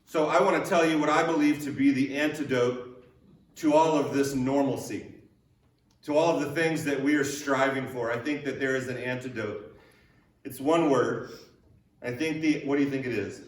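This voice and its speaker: A man's voice: medium pitch, moderate pace. Man preaching a chatty sermon in an echoey church. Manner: conversational, with repeated rhetorical questions and light joking. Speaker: pastor. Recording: echoey room, voice picked up from a distance.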